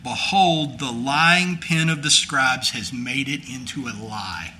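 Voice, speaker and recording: Folksy preacher man with a bright, forceful voice. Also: mid-range voice, takes it slowly, slight background noise. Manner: folksy, conversational storytelling; rising to emphatic preaching. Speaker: pastor. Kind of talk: sermon.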